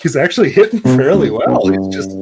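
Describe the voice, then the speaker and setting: A man on a casual sports podcast, relaxed and rambling as he analyzes players. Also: mid-range voice, brisk. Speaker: podcast co-host. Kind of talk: casual chat.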